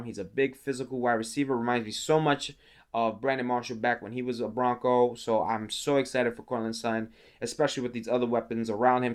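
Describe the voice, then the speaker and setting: A young man hosting a casual football talk show, enthusiastic and quick to stumble and restart his sentences. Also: mid-range voice. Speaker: sports show host.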